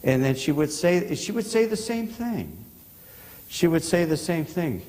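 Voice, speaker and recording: Halting pastor in an echoing church. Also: male voice, on the high side, lively intonation, a little mellow. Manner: halting, repeats words, asks the congregation questions. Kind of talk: rambling sermon anecdotes. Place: church sanctuary.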